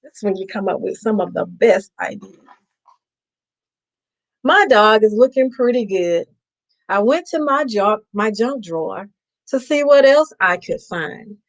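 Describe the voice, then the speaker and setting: A woman's voice: mid-range voice, animated, measured pace, rough recording. A woman host reading a picture book aloud to children on a live stream, playfully stopping to ask them questions.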